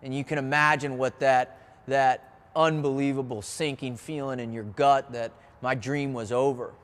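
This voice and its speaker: A man's voice: medium pitch, steady tone, moderate pace, a bit bright. A man telling a personal story as a motivational speaker, earnest and vivid, often restarting his phrases. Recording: long hall reverb.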